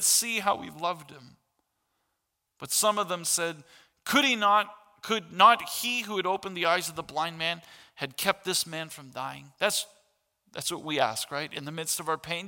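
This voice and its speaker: Gravelly, bright-voiced man preaching a sermon. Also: fairly high pitch. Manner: earnest, rises to impassioned emphasis. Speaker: pastor. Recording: long hall reverb.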